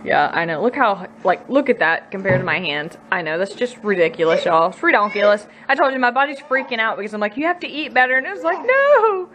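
A woman's voice: medium pitch, expressive, fast talker, hardly any pauses, crowd noise. A woman in her thirties with a Southern US accent, chatting playfully and giggling while filming a casual vlog in her home kitchen. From Mississippi. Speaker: vlogger, mother.

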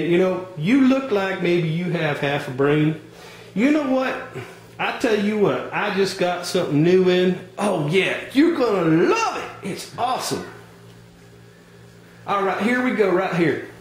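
A man's voice: sits high, roomy sound, pitched above the performer's own voice. A man doing a cocky hardware salesman. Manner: drawling, condescending, boastful. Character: pushy folksy male hardware salesman, overconfident.

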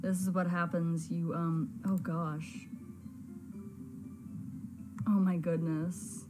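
A woman's voice: fairly low pitch, little pitch movement, slow pace, over music. A woman hosting a gaming video, giving flustered, exclaiming let's-play commentary with frequent stammers.

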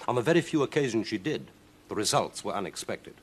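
A man reading a children's story aloud in a lively, expressive way. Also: on the low side, fast talker.

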